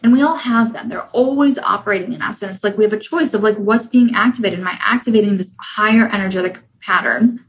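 A woman's voice: mid-range voice, quick pace, hardly any pauses, rough recording. Woman coaching in a chatty, direct way. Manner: conversational, often checks in with "right?" and "okay?"; acts out inner voices in quoted asides. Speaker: relationship coach and podcast host. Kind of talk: casual coaching monologue.

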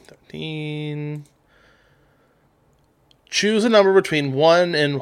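A man's voice: a little high, slow, long pauses, fairly bright tone, clean tone. Playful man hosting a game. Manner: playful, laughs often. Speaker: host running the game. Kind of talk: casual podcast chat.

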